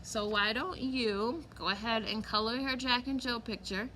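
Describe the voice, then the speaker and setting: A woman teaching a kindergarten lesson online, speaking slowly and clearly and stretching words for small children. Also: fairly high pitch, sharp tone, slight background noise.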